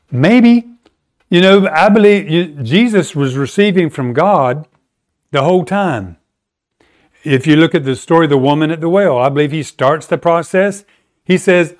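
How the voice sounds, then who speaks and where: Male pastor, sermon, conversational, emphatic, slightly high voice. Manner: conversational, emphatic preaching with sudden pitch rises.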